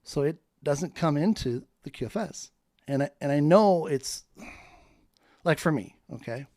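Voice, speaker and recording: A man's voice: fairly high pitch, lively intonation, a little slow, warm tone, no room sound, clean studio sound. A man in a fervent, preacher-like monologue that rambles from point to point. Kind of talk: spoken monologue.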